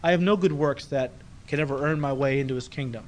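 A pastor preaching a sermon in a conversational way, asking rhetorical questions and acting out the people in the story. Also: male voice, mid-range voice, quick pace, darkish tone, a little hiss or hum.

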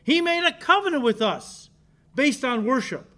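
A man's voice: very high-pitched, sing-song, moderate pace, pushed and bright. A male pastor preaching a sermon, emphatic and direct with the congregation, repeating key words for stress.

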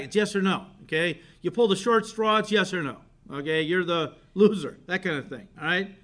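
A man's voice: high-pitched, a bit bright. A male pastor giving a conversational expository sermon, calling his listeners "guys" and acting out quoted lines with rising emphasis.

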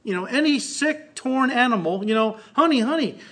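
Man, pastor, sermon, high voice, bright tone, animated delivery, acted-out quotes. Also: moderate pace. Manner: animated, acts out quoted voices with rising pitch.

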